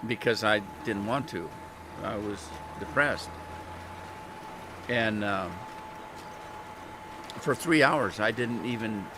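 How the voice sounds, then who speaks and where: A man's voice: lowish voice, noisy background. Candid, rambling man streaming live. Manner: rambling, candid, with frequent restarts. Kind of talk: casual live stream chat.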